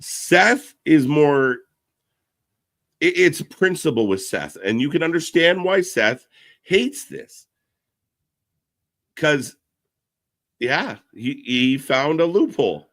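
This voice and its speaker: A man giving casual live commentary, reacting excitedly and chatting to viewers. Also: takes it slowly, pauses often. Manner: excitable, pitch jumps when reacting, chatty asides to viewers.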